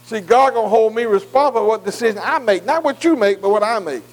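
A man's voice: sits high, lively intonation, fast, low-quality recording. A man teaching a Bible class in sermon style, earnest and plain-spoken, asking his listeners to fill in words and checking with them again and again. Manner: call-and-response fill-in questions; repeated "am I right?" checks with listeners.

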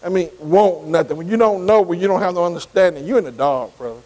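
An older preacher with a high-pitched voice, working through scripture in a loose, conversational sermon. He keeps checking in with his listeners, tossing in "see?" and "amen" between his points. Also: fast talker, darkish tone, low-quality recording. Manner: repetitive call-and-response, many "see" and "amen" asides. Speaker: pastor. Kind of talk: bible study sermon.

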